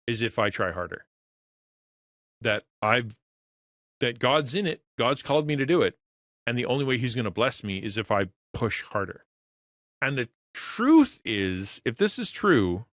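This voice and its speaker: A man's voice: medium pitch, a bit bright, no echo, clean studio sound. A middle-aged man in a casual livestream, talking earnestly to his chat, rambling with many restarts and repeated words. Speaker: streamer and pastor to creators.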